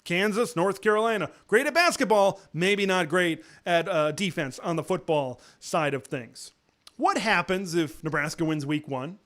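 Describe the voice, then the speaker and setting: A man hosting a live college football talk show, chatting casually and excitably, with lots of fillers and sudden jumps up in pitch on rhetorical questions. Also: moderate pace. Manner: conversational with frequent fillers and restarts. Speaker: sports talk host.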